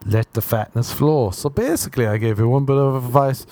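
A man's voice: mid-range voice, brisk, dark tone, slight background noise. A young man hosting a solo podcast, rambling crudely and mocking himself, often laughing at his own jokes. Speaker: podcast host. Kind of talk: solo comedic podcast rant.

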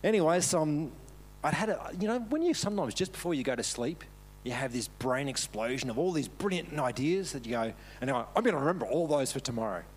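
Animated man preaching a sermon. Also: a little high, quick pace, slightly rough. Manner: self-deprecating, laughs often while talking. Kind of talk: casual storytelling sermon. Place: church service.

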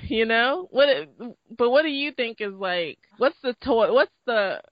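A woman's voice: fairly high pitch, expressive, unhurried, highs cut off. A woman co-hosting a casual chat, giggly and talkative, with lots of "like" fillers. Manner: giggly, chatty, many fillers like "like". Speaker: podcast co-host.

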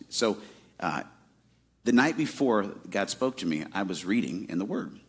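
A man's voice: low voice, slightly rough. A man in his forties from Arizona, preaching a sermon in a casual, conversational way with many fillers. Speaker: pastor.

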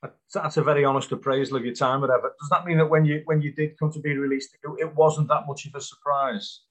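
A man's voice: a little high, fairly even intonation, fast. A man hosting an interview, asking follow-up questions and giving short agreeing replies.

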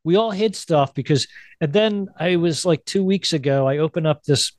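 A middle-aged man co-hosting a casual chat, animated and quick to act out quoted voices. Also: no room sound, clean studio sound. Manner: animated, acts out quoted voices in a high pitch. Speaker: podcast co-host.

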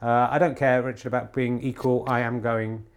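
A man's voice: mid-range voice, level tone, normal speed, lightly acted. A man voicing another version of himself as a snooker player being interviewed, speaking hesitantly and a little shaken. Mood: earnest. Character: snooker-playing man's other self, polite player.

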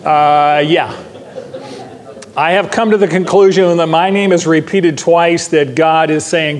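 A man's voice: on the high side, fairly even intonation, a little slow, long reverb tail. An older man preaching to a Bible class, emphatic, repeating key phrases and putting questions to his listeners. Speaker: pastor teaching a Bible class. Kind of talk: sermon.

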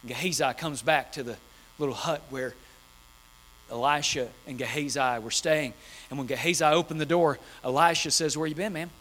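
A man's voice: medium pitch, normal speed, a bit bright. A man preaching an impassioned sermon, driving home key phrases by repeating them. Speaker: pastor.

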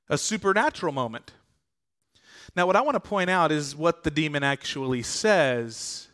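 A man's voice: fairly high pitch, fairly bright tone. A male pastor preaching a sermon in an earnest, conversational way, often asking the congregation rhetorical questions.

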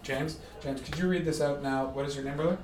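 A man's voice: on the high side, a little fast. Chatty man doing stand-up, roomy sound. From Canada. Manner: animated, chatty storytelling with frequent laughs. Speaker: stand-up comedian. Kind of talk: stand-up comedy with crowd work. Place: live comedy venue with an audience. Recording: roomy, distant stage sound.

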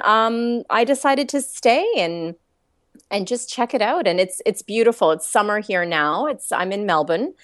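A woman from Toronto with a Canadian accent, a life coach chatting as an interview guest, talkative and warm with frequent laughs and fillers. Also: mid-range voice, no room sound, studio quality. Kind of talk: casual interview chat.

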